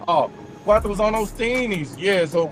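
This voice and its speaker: A man in his forties chatting casually in a car, thinking aloud in slangy talk and sounding foreign words out slowly. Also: high voice, lively intonation, faint music behind. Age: 40s. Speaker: vlogger. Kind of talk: casual chat while practicing languages.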